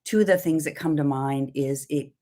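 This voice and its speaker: A woman's voice: low voice, normal speed, dark tone. A middle-aged woman from Southern California co-hosting a livestreamed devotional talk, telling personal stories in a reflective way. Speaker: co-host.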